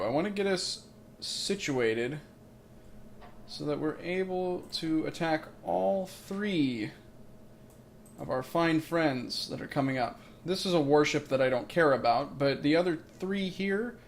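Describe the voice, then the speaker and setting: A man's voice: fairly high pitch, animated, a little slow, creaky, a little hiss or hum. Joking man narrating gameplay. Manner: joking, rambling asides. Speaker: let's play host. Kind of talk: casual gameplay commentary. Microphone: makeshift mic setup.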